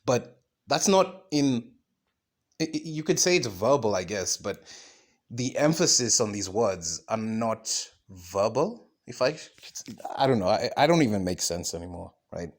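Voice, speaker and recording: Speaking solo on his own podcast, this man has a lowish voice with lively intonation and an unhurried delivery. His monologue wanders, full of curse words, fillers, and restarts, with frequent "right?" check-ins.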